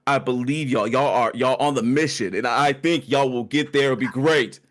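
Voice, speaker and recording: A man's voice: mid-range voice, moderate pace, natural voice. A man voicing a boastful, seasoned male innkeeper who talks in a drawling way and calls everyone y'all.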